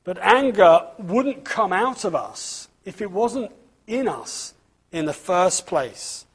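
A man's voice: sits high, animated, slow, husky. A man giving a children's talk at church, reading a storybook aloud and asking the listeners questions.

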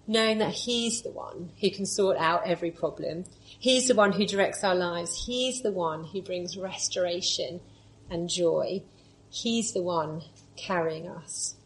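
A woman preaching a sermon, moving between lively storytelling and soft, hushed reflection. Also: on the low side, low-quality recording.

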